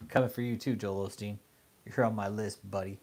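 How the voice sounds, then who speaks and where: A man's voice: on the low side, steady tone, fairly quick, a little mellow. Profane, angry man ranting. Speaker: online commentary host. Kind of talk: casual profane rant.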